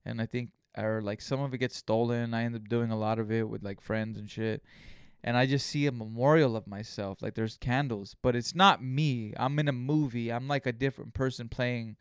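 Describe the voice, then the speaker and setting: A man's voice: mid-range voice, fairly even intonation, normal speed, smooth, no room sound, clean studio sound. Man rambling on a solo podcast. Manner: rambling storytelling, heavy swearing. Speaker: podcast host. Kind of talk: casual solo podcast monologue.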